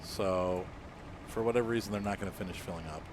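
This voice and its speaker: A man's voice: low-pitched, fast talker, background noise. A young American man chatting casually with viewers while playing a game, rambling with lots of fillers. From United States. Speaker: streamer. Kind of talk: casual gameplay chat with viewers.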